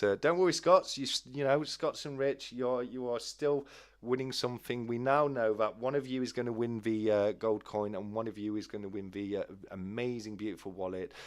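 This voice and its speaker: A man hosting a livestream, calling a race with excitable commentary that builds to shouts, then chatting casually. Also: fairly low pitch. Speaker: host.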